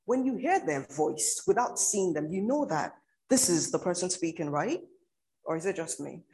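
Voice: medium pitch, lively intonation, normal speed, a little mellow, a little hiss or hum, low-quality recording. A preacher giving a sermon, repeating key phrases and asking the listeners rhetorical questions.

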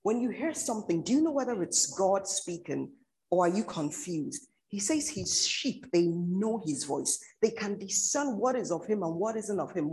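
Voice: mid-range voice, a little mellow, low-quality recording. A preacher giving a sermon, repeating key phrases and asking the listeners rhetorical questions.

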